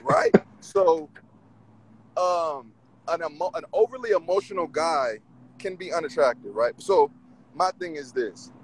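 A man calling in to a talk show, arguing his side in an animated way and often repeating himself. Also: fairly high pitch, measured pace, vocal fry, slight background noise, rough recording. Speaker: caller. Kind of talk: casual call-in debate.

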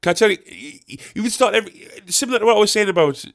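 A man's voice: high voice, lively intonation, very fast, fairly bright tone. A young man rambling through a comic story, self-mocking and swearing often. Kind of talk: casual comic anecdote.

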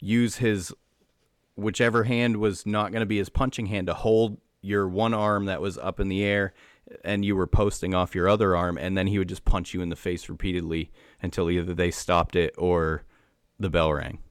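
Deep male guest, dry close-miked, keen explainer full of fillers. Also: flat delivery, moderate pace, smooth, no echo. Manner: enthusiastic explainer, many fillers like "um" and "like". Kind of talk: casual conversation.

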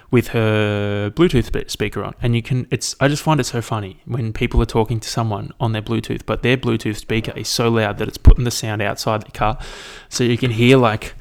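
Low gravelly rambling man. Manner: rambling, sweary, self-deprecating. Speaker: podcast host. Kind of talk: casual solo podcast chat.

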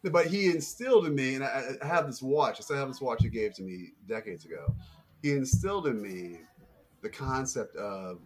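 A middle-aged man hosting a podcast, telling stories in a casual, animated way. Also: normal speed, slightly rough. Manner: animated storyteller, jumps up in pitch for quotes. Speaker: podcast host. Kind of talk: casual conversation.

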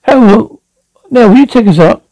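A man's voice: very high-pitched, expressive, moderate pace, mellow, no room sound, pitched above the performer's own voice, low-quality recording. A man reading aloud and voicing an impatient, exasperated grown man who bursts out in frustration. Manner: exasperated, raises voice in outbursts.

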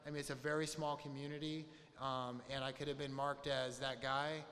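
A man's voice: mid-range voice, flat delivery, moderate pace, a bit bright. A man candidly telling a personal recovery story to a group, with frank, profane speech and lots of quoted dialogue. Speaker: speaker sharing a recovery story. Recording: long hall reverb, faint noise.

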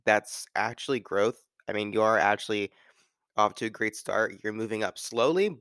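A man's voice: fairly low pitch, normal speed, fairly bright tone, dry recording, clean studio sound. A man hosting a solo talk, rambling casually and filling gaps with "like" and "you know". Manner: rambling, filler-heavy with frequent "like". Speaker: podcast host.

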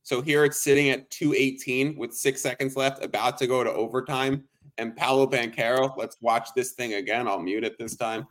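A man co-hosting a sports podcast, talking in a casual, animated way as he tells stories. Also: mid-range voice, moderate pace, few pauses. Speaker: podcast co-host.

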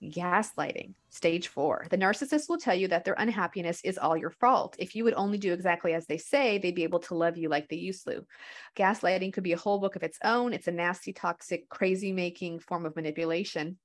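A woman's voice: fairly low pitch, a little fast. Frank, chatty woman podcast host. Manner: frank, animated storytelling with frequent fillers. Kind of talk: candid conversational podcast talk.

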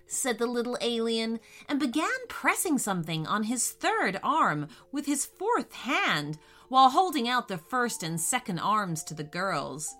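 A woman reading a children's story aloud, expressive and animated, talking straight to the young listeners. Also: fairly high pitch, unhurried, hardly any pauses. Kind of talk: bedtime story narration. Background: soft music.

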